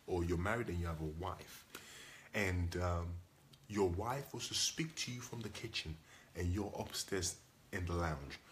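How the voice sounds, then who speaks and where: A man delivers a sermon in a low, deep register. He preaches with insistent repetition and rhetorical questions to his congregation. A faint ambient noise sits under his voice. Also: fairly bright tone. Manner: emphatic, repetitive preaching with call-and-response questions. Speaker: pastor.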